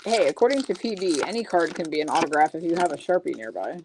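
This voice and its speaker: A woman's voice: low voice, lively intonation, fast talker, noisy background. A woman hosting a live card-opening stream, chatting casually, reading viewer comments aloud and laughing often.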